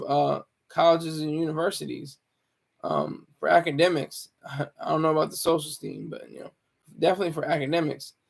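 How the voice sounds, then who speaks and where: A man's voice: fairly high pitch, gravelly, a bit bright. A man talking casually on a live stream, rambling with many stammered restarts.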